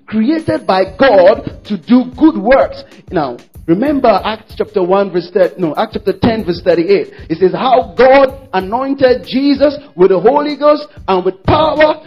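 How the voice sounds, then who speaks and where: A man preaches with a high, husky voice, hammering points home and urging the congregation to repeat after him. He slips into quoted voices of troubled worshippers, then answers them firmly. The recording is dull and lo-fi, with faint music beneath. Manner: emphatic, repeats phrases, calls for congregation responses; acts out worshippers' quoted words in shifting voices. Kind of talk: sermon.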